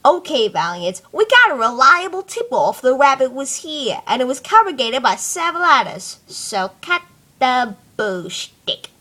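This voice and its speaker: A woman's voice: high voice, sing-song, unhurried, sharp tone, full character voice. A woman voicing a bossy male cartoon weasel gang leader in a put-on New York accent.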